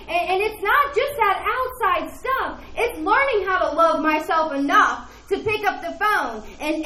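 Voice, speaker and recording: A woman shares her recovery story at a meeting in a very high, bright voice. She talks in a rambling, earnest way and keeps asking the room "right?". The sound is roomy, as if caught in an echoey meeting hall. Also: slight background noise.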